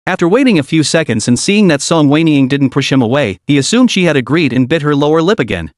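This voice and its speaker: A man narrating a recap of a comic story in a steady, even reading. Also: on the high side, fast talker, no room sound, clean studio sound.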